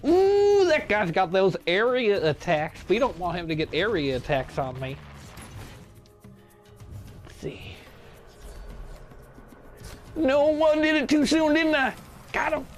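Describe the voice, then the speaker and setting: A man impersonates a touchy, self-assured older male statesman for comedic gaming commentary, chatty and rambling as he mutters to himself picking cards. His exaggerated voice is high-pitched and slow, with huge pitch swings and frequent pauses. Faint music plays behind him.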